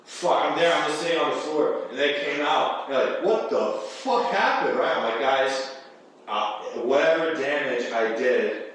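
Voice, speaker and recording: Profane, animated man in an echoey room. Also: medium pitch, moderate pace. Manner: animated, profane, laughing storyteller. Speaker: podcast guest. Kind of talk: casual storytelling chat. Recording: echoey room, distant mic, faint noise.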